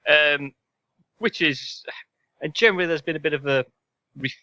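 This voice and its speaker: A man's voice: a little high, moderate pace, sharp tone, dry recording. A man co-hosting a casual podcast, running a quiz with dry sarcasm and rambling asides. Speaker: podcast co-host and quizmaster. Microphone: video call. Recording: slightly dull call audio.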